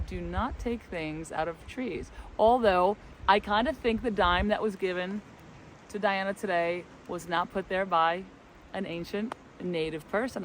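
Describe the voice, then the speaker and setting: A man with a slightly high, somewhat bright voice tells a rambling story outdoors for a travel vlog he co-hosts, voicing the dialogue himself. The channel is spiritual travel, the setting a windy forest, and the low-quality audio has light wind and background noise.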